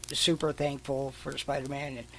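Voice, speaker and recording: A man's voice: mid-range voice, flat delivery, normal speed, vocal fry, fairly bright tone, slight background noise, rough recording. A man co-hosting a podcast, casually retelling a comic book's story with fillers and the odd swear word. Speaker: podcast co-host. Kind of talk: casual chat.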